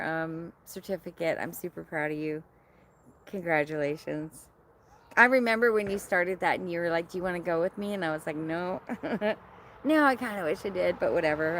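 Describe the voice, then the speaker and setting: A woman's voice: medium pitch, fairly bright tone, a little hiss or hum. A middle-aged woman from Canada hosting a casual livestream outdoors, chatting and reading viewer comments in a bubbly, hyper way. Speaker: livestream host. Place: outdoors in her yard.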